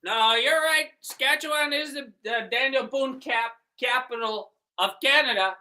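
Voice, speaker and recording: A man's voice: very high voice, a little slow, bright, forceful tone, heavily acted. A man voicing a flustered small-town mayor in an improvised comedy scene, pushy and blustering. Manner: blustering, pushy, tags lines with "huh".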